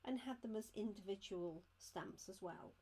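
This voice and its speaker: A woman's voice: medium pitch, moderate pace, warm tone, slight background noise. A woman demonstrating craft supplies, chatting and explaining each step as she handles items at her craft desk. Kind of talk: live craft unboxing demo.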